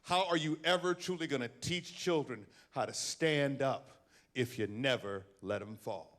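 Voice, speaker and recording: A man's voice: mid-range voice, measured pace. A man performing a stand-up comedy set aboard a cruise ship, telling stories with acted-out voices. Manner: animated storytelling with acted-out voices. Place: cruise ship theater with live audience.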